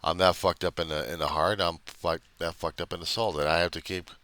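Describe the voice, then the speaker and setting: A man's voice: low-pitched, fairly even intonation, brisk, sharp tone. A man talking unscripted to his camera about recovery, blunt and profane, rambling and questioning himself. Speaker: recovery video diarist. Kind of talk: unscripted confessional monologue.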